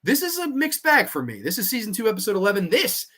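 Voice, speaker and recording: An excitable, profane podcast host who tells stories loosely and casually. He sits a little above the usual male range, and his voice swoops up and down constantly. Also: sits high, quick pace, husky. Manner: excitable and profane, laughing while recounting. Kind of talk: casual commentary.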